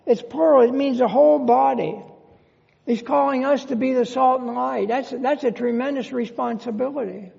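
Gravelly high-voiced preacher man, slow. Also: steady tone, a little mellow. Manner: emphatic preaching with rhetorical questions. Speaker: pastor. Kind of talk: sermon. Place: church sanctuary. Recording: long church reverb, dull lo-fi sound.

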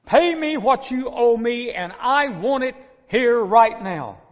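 A man's voice: very high-pitched, animated, slow, heavily acted. A male preacher voicing a harsh, unmerciful servant demanding payment, in a dull recording with long hall reverb. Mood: angry. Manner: angry, demanding.

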